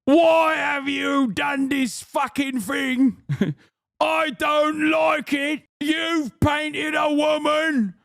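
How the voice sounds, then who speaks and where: A man voicing an outraged, pompous medieval man in a put-on British accent, shouting slowly in drawn-out indignation. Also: very high voice, steady tone, vocal fry, dry recording, clean studio sound, pitched above the performer's own voice, heavily acted.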